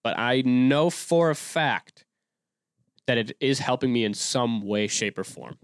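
A man's voice: mid-range voice, lively intonation, unhurried, clean tone, no room sound. A man in his twenties hosting a solo podcast, talking casually in a rambling way with many restarts and fillers. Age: 20s. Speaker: podcast host.

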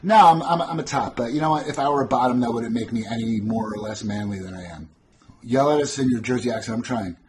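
A man's voice: medium pitch, fast talker, a crowd in the background. A young adult man hosting a casual live-stream Q&A, reading chat questions aloud and answering them bluntly with sarcasm and swearing. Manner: sardonic, blunt, swears freely.

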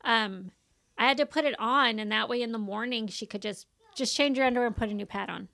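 A woman casually telling a story about her daughter, animated and often laughing. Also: on the high side, a little fast, creaky. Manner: animated, laughing, acts out quotes.

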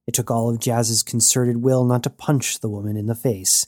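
A man narrating a science fiction story in an even storytelling read. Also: medium pitch, normal speed, no echo, clean studio sound. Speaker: audiobook narrator. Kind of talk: scripted narration.

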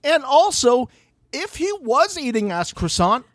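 Animated man co-hosting a reality TV podcast. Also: very high-pitched, unhurried, dry recording, clean studio sound. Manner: animated, mimics people in playful voices. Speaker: podcast co-host. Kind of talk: casual reality TV recap chat.

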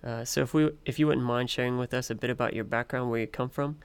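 A man hosting a podcast with a hoarse, worn voice, speaking in a friendly and earnest way as he introduces and interviews a guest. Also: mid-range voice, steady tone, quick pace, no room sound. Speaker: podcast host.

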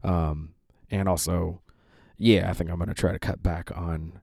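Low-voiced man, rambling intro. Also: a little slow, vocal fry, dry recording, studio quality. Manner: relaxed, rambling with many fillers. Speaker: podcast host. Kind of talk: casual spoken intro.

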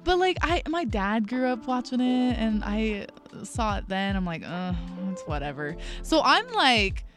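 A young woman in her twenties telling a long story in casual chat, animated, full of "like", acting out what people said. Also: a little high, unhurried, soft background music. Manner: animated, lots of "like", acts out quotes. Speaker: guest. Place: a bar or restaurant.

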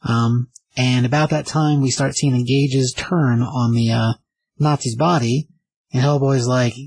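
A man's voice: mid-range voice, steady tone, unhurried, gravelly, a little mellow, husky, low-quality recording. A man hosting a casual comic book review, retelling the story with enthusiasm and many fillers. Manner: rambling, enthusiastic summary with fillers.

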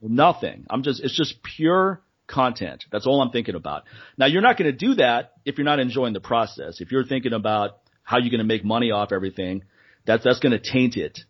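A man's voice: mid-range voice, very animated, a little fast, slightly rough, muffled recording. A man co-hosting a podcast in casual chat, laughing often, swearing freely and acting out other people's voices. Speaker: podcast co-host.

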